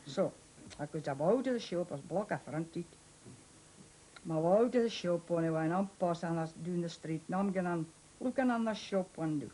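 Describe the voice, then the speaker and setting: A woman's voice: lowish voice, moderate pace, poor audio. A woman from Moray, telling a funny anecdote and acting out both sides of the conversation. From Moray, Scotland. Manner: lively storyteller, acts out both sides of the conversation. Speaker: interviewee.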